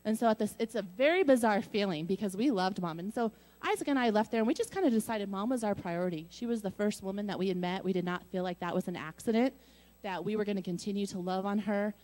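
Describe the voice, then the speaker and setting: A woman's voice: mid-range voice, quick pace, a little mellow. A middle-aged woman giving a personal testimony, telling her story earnestly and acting out the dialogue. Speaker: speaker sharing a personal story.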